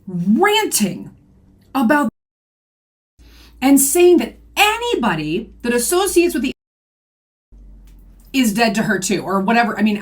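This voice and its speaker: A young woman giving indignant reaction commentary on her channel, firing off rhetorical questions. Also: mid-range voice. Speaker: YouTube commentator.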